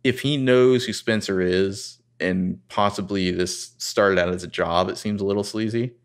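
A man's voice: fairly low pitch, steady tone, normal speed. A man hosting a podcast, recapping a TV episode in a casual, rambling way with crude humor. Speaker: podcast host.

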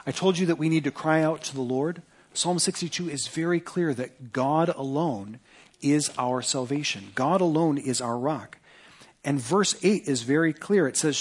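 A man preaching a sermon in a church, earnest and emphatic, with pauses for weight. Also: a little high, husky. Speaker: pastor. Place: church sanctuary.

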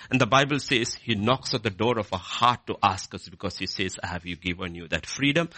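A middle-aged man preaches with a gravelly, bright edge to his voice. His pitch leaps widely as he shifts from quiet scripture reading to loud, high exhortation. The sound is close and dry. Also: dry recording. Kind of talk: sermon.

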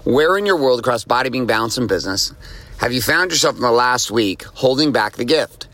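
A man's voice: mid-range voice, animated, a little fast, sharp tone, no echo. A man hosting a daily motivational podcast, speaking emphatically and repeating key phrases for effect. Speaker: podcast host. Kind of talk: motivational monologue.

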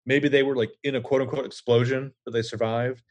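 Animated, joking man on a podcast. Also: medium pitch, fairly quick. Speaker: podcast co-host. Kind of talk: casual chat.

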